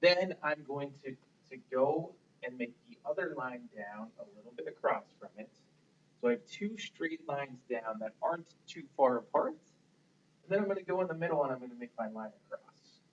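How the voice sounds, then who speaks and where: A man's voice: mid-range voice, lively intonation, moderate pace, muffled recording, a little hiss or hum. A man teaching a phonics lesson to young children, patient and encouraging, asking them to repeat words after him. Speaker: kindergarten teacher.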